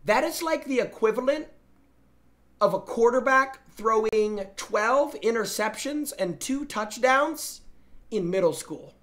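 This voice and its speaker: Loud, teasing young male streamer. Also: very high voice, unhurried. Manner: loud and excitable, teasing, swings between shouting and muttering. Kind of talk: live-stream chat reacting to viewer gameplay clips.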